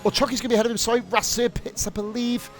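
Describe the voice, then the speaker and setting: A young man streaming live sim-racing commentary, excitable and rambling, swearing freely and going off on rants. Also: very high voice, rapid-fire, faint music behind. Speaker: league streamer and race commentator.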